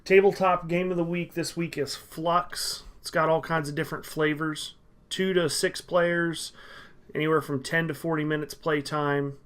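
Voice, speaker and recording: Casual male podcast host, slightly high voice, joking, loose delivery. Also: steady tone, moderate pace, fairly bright tone. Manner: loose, joking, filler-heavy.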